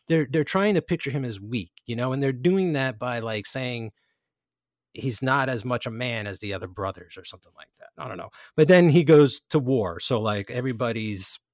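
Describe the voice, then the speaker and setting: A man's voice: mid-range voice, expressive, normal speed, no room sound, clean studio sound. A young man co-hosting a podcast, chatting casually in a rambling way with lots of fillers and restarts. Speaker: podcast co-host. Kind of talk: casual chat.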